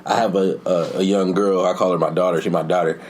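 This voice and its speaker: Low-voiced man telling animated stories. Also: fast, poor audio. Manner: animated storyteller, jumps high to quote kids. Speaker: podcast guest. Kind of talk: casual storytelling chat.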